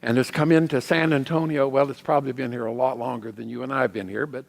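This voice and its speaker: A middle-aged male minister preaching with a mid-range voice, reflective and unhurried, pausing as he shares personal stories. His words ring out with a long reverb, as in a large church sanctuary. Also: mid-range voice, fairly even intonation, gravelly. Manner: reflective, personal storytelling with pauses. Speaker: guest minister. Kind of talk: sermon.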